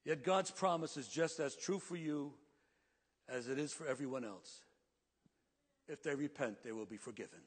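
Husky-voiced male preacher in a hall. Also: mid-range voice. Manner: earnest preaching, slowing for emphasis. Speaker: pastor. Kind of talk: sermon.

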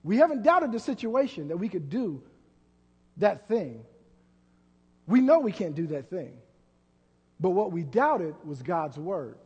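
A man preaching a sermon as pastor, full of rhetorical questions and swinging between loud and soft. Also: high voice, sing-song, takes it slowly, pauses often, breathy edge. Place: church. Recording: long church hall reverb.

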